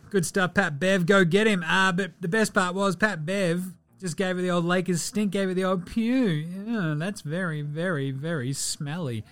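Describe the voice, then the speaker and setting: Excitable Australian man hosting a sports podcast. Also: sits high. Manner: swearing, jokey, quick bursts of excitement. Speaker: podcast host. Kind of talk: casual sports podcast chat.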